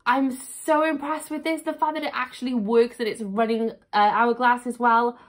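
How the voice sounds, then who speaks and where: A woman vlogger chatting casually at home while unboxing, gushing and excitable, often repeating "really, really". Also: on the high side, moderate pace, hardly any pauses.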